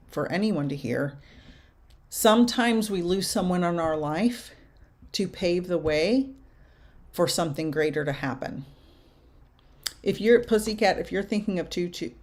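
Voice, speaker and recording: A young adult woman medium giving spirit messages to viewers in a casual live chat, halting and soft-spoken. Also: lowish voice. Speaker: medium answering viewer questions.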